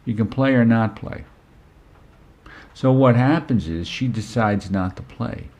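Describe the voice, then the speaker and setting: A middle-aged man telling a family story as a parenting speaker, conversational and unhurried, often saying "you know". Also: mid-range voice, darkish tone. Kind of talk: storytelling talk.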